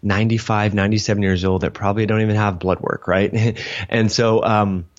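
A man telling a long personal story in casual interview chat, rambling and animated, acting out what people said. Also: on the low side, a little fast, highs cut off. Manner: rambling, animated, lots of "like" and acted-out quotes. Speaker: guest.

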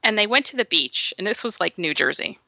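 A woman telling a story in casual podcast chat, her pitch leaping about with a bright, ringing tone. She acts out the voices of the people she quotes. The recording is close and dry. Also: expressive, brisk, vocal fry, no room sound.

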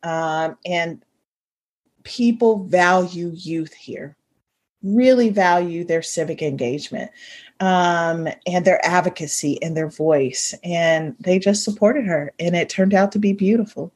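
A woman's voice: lowish voice, measured pace, a little mellow. A woman in her forties, a social worker and mother, telling a personal story with feeling and faith references.

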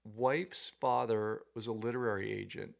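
A man's voice: fairly low pitch, fairly even intonation, moderate pace, creaky. A middle-aged man, a former tennis coach, chatting as a podcast guest and telling rambling, self-deprecating stories. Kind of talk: casual storytelling chat.

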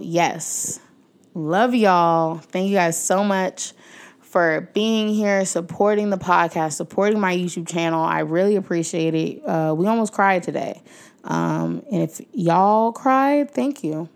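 Emotional young woman podcast host, lower voice. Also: steady tone, measured pace, gravelly, clean tone. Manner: warm-hearted, emotional, many fillers, talks to listeners as y'all. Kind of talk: casual heartfelt podcast outro.

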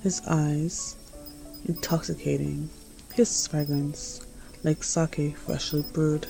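A woman narrates a second-person romance story in a low, dark, gravelly voice. Her delivery is intimate and hushed, close and unhurried. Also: flat delivery, faint music behind, low-quality recording. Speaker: reader.

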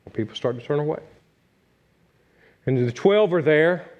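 A man's voice: fairly high pitch, lively intonation, moderate pace, darkish tone, muffled recording. A middle-aged man from Virginia preaching a sermon as pastor, talking in a conversational way that repeats its points and turns to the congregation with asides.

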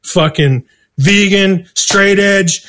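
A man, a guest, telling a story in casual, profanity-laden talk and acting out his own quoted lines with animated swings. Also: sits high, extremely slow, slight background noise. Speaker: guest musician.

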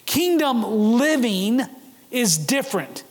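A pastor with a high voice delivers a sermon in a reverberant church sanctuary. He preaches earnestly and slowly, his pitch swinging widely as he poses rhetorical questions to the congregation.

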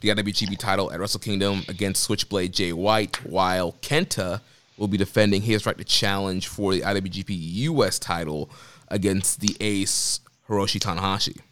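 Easygoing man with a very deep, smooth voice. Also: fairly even intonation, normal speed, a bit bright. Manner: easygoing, recaps with casual "like" and "you know". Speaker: podcast co-host. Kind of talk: casual wrestling chat.

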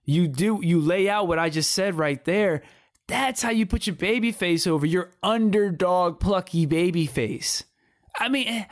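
A man's voice: on the high side, no room sound, clean studio sound. A man co-hosting a podcast, chatting casually about wrestling in an emphatic, slangy way, often repeating himself. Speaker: podcast co-host. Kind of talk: casual wrestling review chat.

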